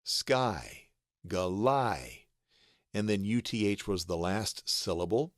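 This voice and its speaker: A man's voice: fairly low pitch, unhurried, dry recording, studio quality. An American man patiently walking through a pronunciation tutorial, spelling out letters step by step. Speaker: voice artist teaching pronunciation. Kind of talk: screen-share tutorial.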